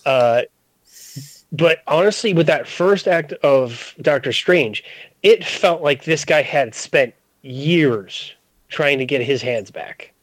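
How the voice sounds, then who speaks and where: A man co-hosting a podcast, giving relaxed, chatty opinions in casual talk. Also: a little high, takes it slowly, dry recording, rough recording. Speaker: podcast co-host. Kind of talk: casual chat.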